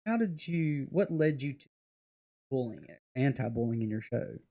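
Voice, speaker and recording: A man's voice: medium pitch, animated, moderate pace, mellow. A man hosting a casual podcast interview, reacting with short comments and questions. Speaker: podcast host.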